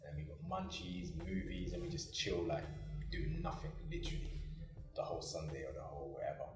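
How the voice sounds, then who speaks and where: Young guy, real deep voice but swings up n down a lot, slangy n laid back, echoey room w music. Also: huge pitch swings, a little fast, gravelly. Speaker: guest on a couples chat show. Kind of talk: casual chat.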